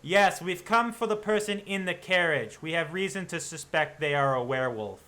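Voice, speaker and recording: A man's voice: on the high side, animated, moderate pace, sharp tone, pitched above the performer's own voice. A man voicing a self-righteous male werewolf hunter who speaks in stiff, formal ultimatums. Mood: threatening.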